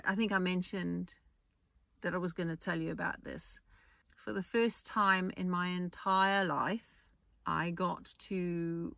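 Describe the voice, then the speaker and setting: A woman's voice: fairly low pitch, gravelly, a bit bright, no room sound. A woman hosting a podcast, talking in a chatty, rambling way with restarts and asides. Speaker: podcast host. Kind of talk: casual monologue.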